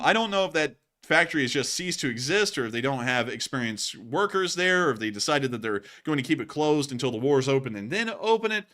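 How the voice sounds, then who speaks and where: A male livestream host with a somewhat high, bright, forceful voice. He talks casually, using lots of fillers, and his pitch rises and falls animatedly as he jokes and thanks viewers for their donations.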